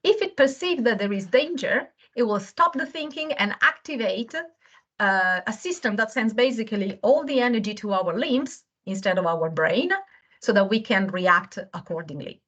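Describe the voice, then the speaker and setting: A woman's voice: medium pitch, animated, moderate pace, a bit bright, dull audio. A woman who is not a native English speaker, a guest on a webinar, explaining earnestly from home and searching for words now and then. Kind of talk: explanatory talk. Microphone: video call.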